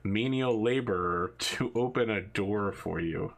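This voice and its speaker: A man's voice: lowish voice, measured pace, creaky. A man narrating a tabletop game as game master, casual and laughing as he talks. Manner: casual, laughing, voices the characters.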